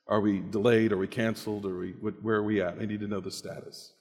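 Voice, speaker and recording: A man's voice: fairly low pitch, little pitch movement, fast, a little mellow. A man preaching a sermon in a conversational, emphatic storytelling manner. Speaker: pastor. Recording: echoey hall.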